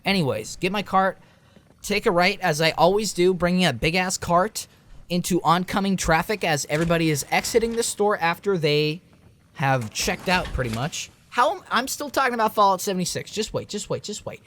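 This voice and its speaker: Young man, slightly high voice, rambling late-night vlog rant, filler-heavy. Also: expressive, normal speed, fairly bright tone. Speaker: game reviewer.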